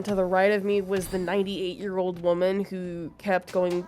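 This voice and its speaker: A streamer co-host chats casually while gaming, telling a story in an animated way and acting out what people said. Her voice is fairly low, her pace moderate with few pauses, and soft music plays behind her.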